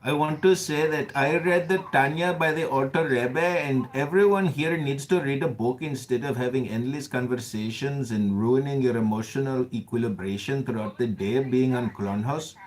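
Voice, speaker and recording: A man's voice: medium pitch, moderate pace, few pauses. A man interrupting an online chat room to deliver an earnest, preachy spiritual monologue.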